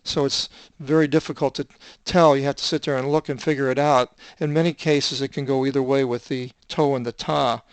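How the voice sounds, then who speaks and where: An older man with a smooth yet gravelly voice teaches biblical Greek at a slow, halting pace. He fills his pauses with "uh" as he reads and spells out Greek words. The sound is dry and close. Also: medium pitch, fairly even intonation, no echo. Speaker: Bible translator teaching Greek.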